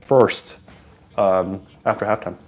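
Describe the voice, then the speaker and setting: A man from San Francisco hosting a livestream, chatting excitedly and casually as he comments on a football game. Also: lowish voice, takes it slowly. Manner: chatty and excitable, with frequent fillers. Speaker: livestream host. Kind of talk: casual live sports commentary.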